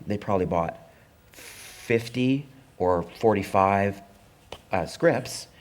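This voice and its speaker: Middle-aged male comedy writer, dry anecdotal delivery, mimics other voices, low-middle register. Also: a little mellow. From Canada. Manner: wry, anecdotal, acts out the voices of network executives. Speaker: comedy writer and performer, guest. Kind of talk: live onstage conversation, storytelling.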